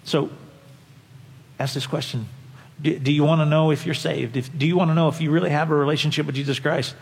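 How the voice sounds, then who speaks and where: A man preaching a sermon as a pastor, impassioned, swinging from quiet, low passages to loud, high peaks. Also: fairly even intonation, a little fast, gravelly, breathy edge. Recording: long hall reverb.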